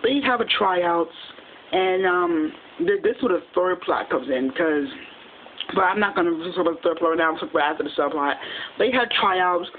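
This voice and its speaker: A casual fan recap of a TV episode, told in a quick, rambling way with plenty of restarts. The audio is thin and phone-like. A faint hiss runs under the voice. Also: medium pitch, expressive. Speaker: TV episode reviewer.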